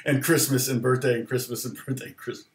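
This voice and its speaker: A man's voice: mid-range voice, fairly even intonation, quick pace, roomy sound. A middle-aged man hosting a casual livestream guitar lesson, rambling with fillers and laughs.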